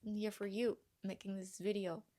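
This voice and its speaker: A woman coach speaking earnestly and gently to her viewers, often dropping to a soft near-whisper. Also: mid-range voice, little pitch movement, normal speed. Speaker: vlogger and healing coach. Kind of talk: heartfelt personal talk to camera.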